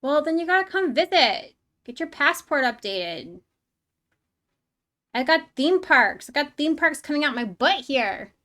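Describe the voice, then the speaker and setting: A chatty woman with a slightly high voice guides a live-streamed painting lesson. She is bubbly and laughs often as she talks with her viewers. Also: big pitch swings, a little slow, fairly bright tone.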